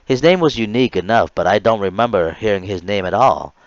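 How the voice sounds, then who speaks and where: A man in his late thirties reads a chapter of his own memoir aloud in an earnest, low voice, now and then tripping over a word and starting again. The recording is dry and a little dull. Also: lively intonation, fairly quick, no room sound. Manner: earnest reading with small stumbles and restarts. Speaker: author reading his memoir.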